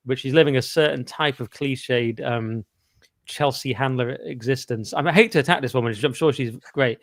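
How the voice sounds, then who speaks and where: A man's voice: medium pitch, normal speed, dry recording, clean studio sound. A tired young man hosting a casual live stream, jokey and self-deprecating. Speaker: livestream host.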